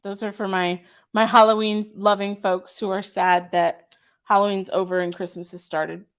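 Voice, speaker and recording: On a relaxed live stream, the owner of a small craft shop chats enthusiastically about her goods, filling pauses with "um," and responds to viewer comments she reads out. Her medium-pitched voice is smooth with little pitch movement, at a moderate pace.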